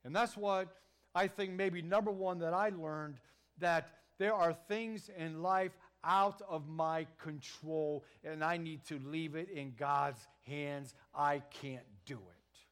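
Earnest preaching man, pitched a bit high. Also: steady tone, a bit bright. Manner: earnest, emphatic preaching with swells in volume and halting restarts. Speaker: pastor. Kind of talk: sermon.

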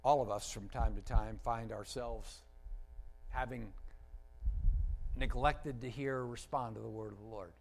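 A man preaching a sermon as a pastor, telling stories with lively emphasis, sometimes loud, sometimes dropping quiet and slow, asking the congregation questions. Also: mid-range voice, gravelly, rough recording. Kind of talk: sermon storytelling.

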